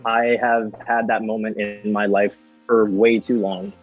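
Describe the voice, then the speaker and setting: Slow-talking young man, hesitant. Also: fairly low pitch, little pitch movement, narrow, tinny audio, faint music behind. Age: young adult. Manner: hesitant, many fillers and restarts. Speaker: guest singer. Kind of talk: casual podcast chat.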